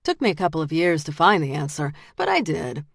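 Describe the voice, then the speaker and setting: A woman reading the lines of a calm, menacing male detective who turns out to be a killer, in a quiet, flat voice. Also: deep voice, fairly quick, gravelly, no room sound, clean studio sound, heavily acted. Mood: cold menace.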